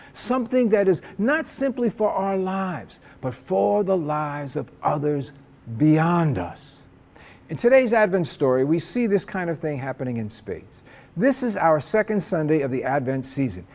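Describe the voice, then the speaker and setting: A man's voice: on the high side, darkish tone. A man, an assistant pastor, preaching a sermon in a conversational storytelling way.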